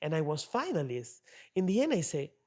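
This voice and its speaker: A man's voice: fairly high pitch, a little fast. Argentine man telling stories in broken English. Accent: Argentine Spanish. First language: Spanish. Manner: animated storyteller who acts out other people's speech; broken, non-native English grammar. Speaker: guest, opera tenor. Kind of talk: casual interview storytelling.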